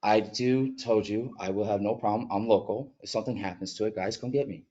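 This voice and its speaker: A man who is a mural artist, speaking earnestly and with emotion at a village board meeting, sometimes halting as he gets choked up. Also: on the low side, mellow, lo-fi sound. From upstate New York. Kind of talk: emotional public comment. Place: public meeting room.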